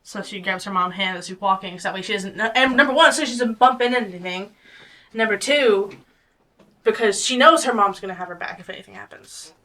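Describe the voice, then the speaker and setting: A woman describing her character at a tabletop game. She rambles in a chatty way, and her voice sounds bright. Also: mid-range voice, a little fast, distant mic, low-quality recording. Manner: chatty, rambling with many fillers. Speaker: player.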